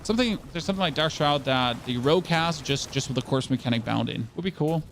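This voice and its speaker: A man's voice: fairly high pitch, expressive, quick pace, fairly bright tone, slight background noise. A young man giving casual gameplay commentary as a streamer, rambling, stammering over his words and asking his viewers questions.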